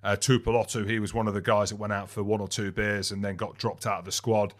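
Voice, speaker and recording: A young adult man co-hosting a rugby podcast, talking in a rambling, animated way and laughing mid-sentence. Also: on the low side, quick pace. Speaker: podcast co-host and rugby commentator. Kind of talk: casual sports chat.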